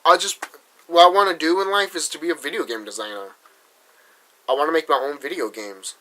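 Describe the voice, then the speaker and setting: A young man from Massachusetts rants into the camera with a tense, forceful voice pitched a little high. He talks bluntly and swears, stopping and restarting his sentences as he vents. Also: low-quality recording. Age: young adult. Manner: blunt, profane, halting with restarts. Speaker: vlogger. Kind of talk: frustrated vlog rant.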